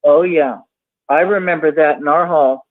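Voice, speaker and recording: A woman's voice: low-pitched, moderate pace. A woman hosting an interview, sympathetic and affirming, calling her guest honey. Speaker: host. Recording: tinny phone-line sound.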